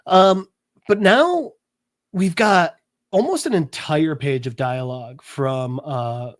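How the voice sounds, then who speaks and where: A man's voice: a little high, animated, takes it slowly, dry recording, clean studio sound. Rambling man recapping a comic. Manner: rambling, filler-heavy storytelling. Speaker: podcast host. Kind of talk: casual comic book recap.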